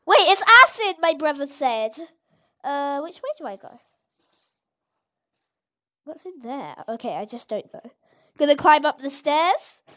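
High-voiced, excitable woman gaming. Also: unhurried, long pauses. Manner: excitable, exclaiming at surprises. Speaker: gaming channel host. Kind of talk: casual gameplay commentary.

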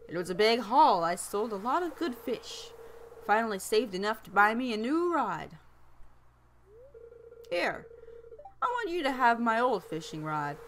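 A woman reading aloud the lines of a folksy old male fisherman and shopkeeper from a game, in a slightly lowered voice. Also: fairly bright tone, a little hiss or hum.

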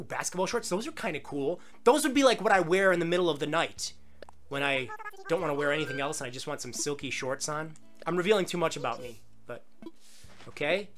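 A man giving excitable, jokey commentary on his gameplay and chatting back at the game characters. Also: a little high. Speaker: gaming video host. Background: faint game music.

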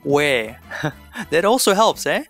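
Man, language teacher, slightly high voice, clear explanations, playful asides, faint music underneath. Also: big pitch swings, slow pace, a bit bright. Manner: playful, slips in small jokes. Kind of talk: online language lesson.

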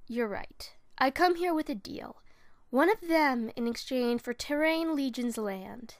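A sly, scheming villain who draws out every word with slow menace, as a woman puts on the voice. The voice sits high, and the bedroom recording is dry and close with no echo. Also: animated. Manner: slow, drawn-out delivery.

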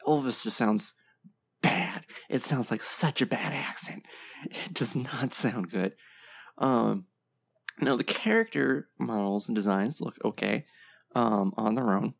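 Gravelly man giving blunt game reactions. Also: medium pitch, expressive, takes it slowly. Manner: blunt, opinionated, lots of ums and laughs. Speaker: video game reaction host. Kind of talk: casual reaction commentary.

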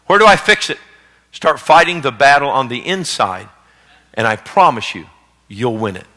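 A man preaching a sermon as pastor, swinging between loud exhortation and hushed storytelling. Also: mid-range voice, expressive, moderate pace. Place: church sanctuary, live service. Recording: long reverb of a church hall.

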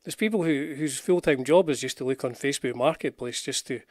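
This older Scottish guitar channel host talks briskly in a mid-range voice, rambling about guitars with live-stream viewers, welcoming people in the chat and being self-deprecating. He uses a desk mic while wearing headphones, and the recording is dry and studio quality.

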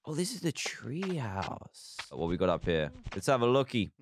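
Young British man, let's play commentary, joking reactions, very lively pitch. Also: normal speed, slight background noise. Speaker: gaming video host.

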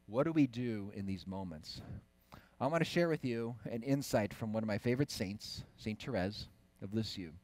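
A middle-aged man giving a faith conference talk, telling lively family stories and asking the audience questions. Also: fairly low pitch, normal speed, no echo. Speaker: conference speaker.

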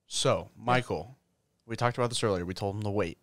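A man co-hosting a casual podcast, talking in an animated, jokey way. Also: on the low side, a little fast, no room sound, studio quality. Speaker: podcast co-host.

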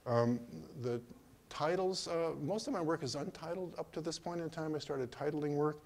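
A man's voice: fairly high pitch, moderate pace, a little mellow. Hesitant older man giving a talk. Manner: hesitant, full of ums and restarts. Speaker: artist giving a museum talk. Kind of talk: slide lecture.

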